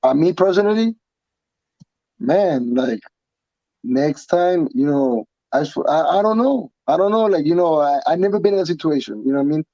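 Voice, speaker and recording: A man, a professional fighter being interviewed, talking casually in an animated, profane way with many restarts and repeats. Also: on the high side, moderate pace, dry recording, highs cut off. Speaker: pro fighter guest.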